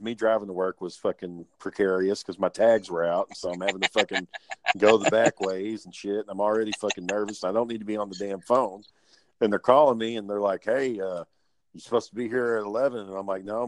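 A man telling profane, laid-back work stories in casual chat. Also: fairly low pitch.

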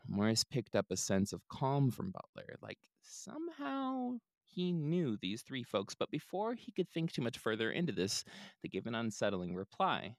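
A man's voice: mid-range voice, wildly swooping pitch, normal speed, vocal fry, dry recording. A man hosting a podcast, retelling a story in a casual, laid-back way with joking asides. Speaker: podcast host.

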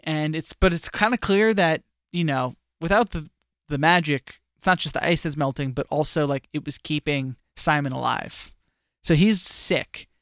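Animated, rambling young man. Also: a little high, creaky, dry recording, clean studio sound. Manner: animated, rambling, lots of fillers. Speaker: podcast co-host. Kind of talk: casual chat recapping a cartoon episode.

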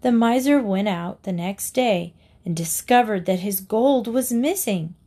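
A woman narrating classic fables aloud for listeners. She reads slowly and deliberately, pausing to give each moral its weight. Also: mid-range voice, warm tone. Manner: slow, deliberate reading aloud. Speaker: reader. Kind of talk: storybook narration.

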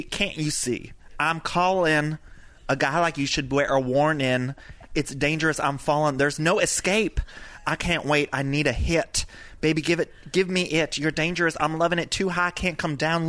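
A man's voice: a little high, moderate pace, fairly bright tone, dry recording, close to an everyday voice. A man doing an impression of a stressed reality-TV woman, reading song lyrics in a breathless, dramatic way.

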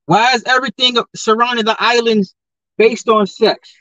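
A man hosting a podcast, giving confrontational social commentary and firing off rhetorical questions, his voice jumping high when he gets heated. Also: steady tone, normal speed, sharp tone, no room sound. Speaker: podcast host. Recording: dull lo-fi podcast mic, dry.

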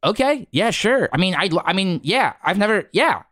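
A man's voice: high-pitched, sing-song, moderate pace, a bit bright, dry recording, clean studio sound. A man playing an earnest, wholesome sixteen-year-old boy in an improvised comedy scene, rambling eagerly and apologizing often.

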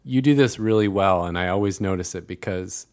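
Low-voiced relaxed man. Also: a little fast. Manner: relaxed, thoughtful, laughs easily. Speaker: podcast co-host. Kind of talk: casual podcast chat.

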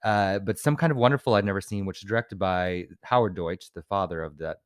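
A man's voice: sits low, a little fast, dry recording, clean studio sound. A man co-hosting a casual chat about films, rambling with lots of trivia and restarts. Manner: rambling, full of film trivia, many restarts. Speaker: podcast co-host.

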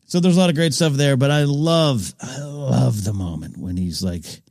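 A man's voice: mid-range voice, moderate pace, vocal fry, darkish tone, no echo, studio quality. A man hosting a podcast, recapping an episode in an enthusiastic, rambling way with frequent restarts. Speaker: podcast host. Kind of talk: casual episode recap commentary.

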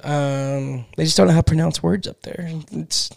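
Gravelly, slightly high-voiced young man. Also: moderate pace. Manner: animated, joking storyteller. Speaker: podcast co-host. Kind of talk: casual podcast chat.

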